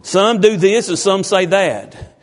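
A man's voice: sits high, takes it slowly. A man, a pastor giving an informal sermon and teasing his congregation with questions.

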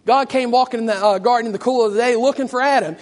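A man preaching a fervent sermon with a hoarse, worn voice, praying with a repeated "Lord" and building to shouts. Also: very high voice, fast. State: hoarse, losing his voice.

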